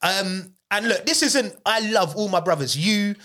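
A man, a comedian guesting on a podcast, telling stories in a rambling, animated way with lots of slang. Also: high-pitched, unhurried. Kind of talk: casual chat.

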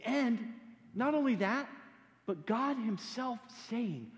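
A man preaching in a high, lively voice that leaps up and down as he jokes with his congregation. He stumbles over the first words of his sentences and repeats them. The sound carries a long hall reverb from the sanctuary. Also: slow. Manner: animated, joking, repeats words when starting sentences. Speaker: pastor. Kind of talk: sermon.

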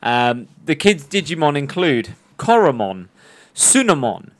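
A man's voice: on the high side, measured pace. A man co-hosting a comedy podcast, recapping a cartoon plot with lots of laughter and banter. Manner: animated, laughing often, summarizes plot. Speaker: podcast co-host.

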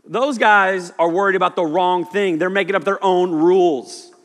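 Brief: male preacher, casual and lively sermon delivery, bright and forceful tone, echoing hall. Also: high voice, moderate pace. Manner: animated, conversational, acts out voices. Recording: echoey hall reverb.

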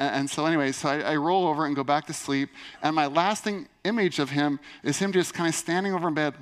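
A man's voice: a little high, a bit bright. A male pastor delivering a sermon in an earnest, conversational way, telling a personal story and leaning on "and so anyways".

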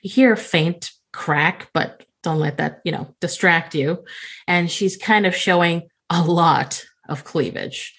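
A woman's voice: fairly low pitch, slow pace, fairly bright tone, husky. A woman player in a tabletop role-play game, casually describing her character's actions.

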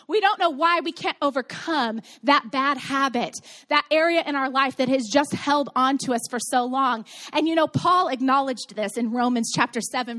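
High-voiced woman preaching a sermon. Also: fairly bright tone. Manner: conversational preaching with storytelling and rhetorical questions. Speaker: pastor. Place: church sanctuary with congregation.

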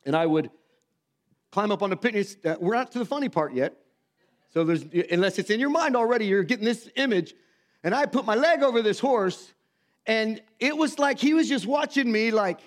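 A man's voice: sits high, expressive, normal speed, pauses often. A man, preaching a sermon in a folksy, self-mocking storytelling manner. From Missouri. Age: 50s. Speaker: pastor.

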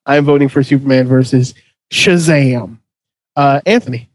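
A man's voice: medium pitch, moderate pace. A man hosting a casual podcast, moving things along with a teasing, laughing manner. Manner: joking, teasing, laughs often. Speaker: podcast host running a movie fight bracket. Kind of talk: casual chat.

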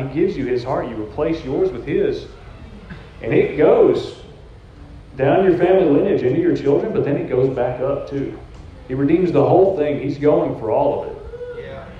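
A man, a church prophetic team leader, giving a personal testimony in an earnest, conversational storytelling way into a handheld mic in a church room. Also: on the high side. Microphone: handheld microphone. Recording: echoey, dull-sounding church room recording.

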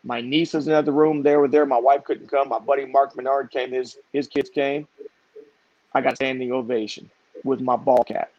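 A middle-aged man telling a story in lively conversation, acting out the voices of the people in it. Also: mid-range voice, normal speed, dry recording. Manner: animated, acts out quoted voices. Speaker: podcast guest. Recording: dull, dry, lo-fi sound.

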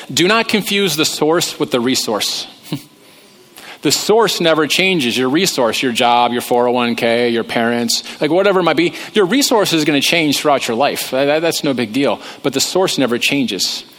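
A man's voice: medium pitch, animated, normal speed, a bit bright. A man preaching a humorous sermon, talking conversationally and joking about himself. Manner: joking, conversational, self-deprecating. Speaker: pastor.

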